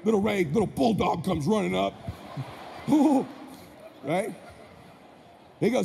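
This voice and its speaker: A man with a high, mellow yet gravelly voice tells a story to a live audience. He speaks with energetic, punchy delivery. The sound is echoey, with a long hall reverb and faint background noise. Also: slow, long pauses. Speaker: motivational speaker.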